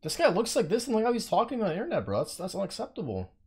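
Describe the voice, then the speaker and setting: Young male streamer, profane and indignant, pitch leaping all over the place as he rants. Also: wildly swooping pitch, very fast, gravelly, husky. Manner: profane, indignant ranting, bursts into yelling. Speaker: game streamer. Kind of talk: live stream commentary.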